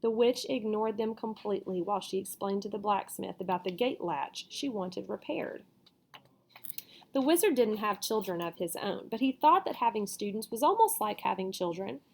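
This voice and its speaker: A woman reading a storybook chapter aloud, with casual asides and quick self-corrections. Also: medium pitch, animated, gravelly. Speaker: reader.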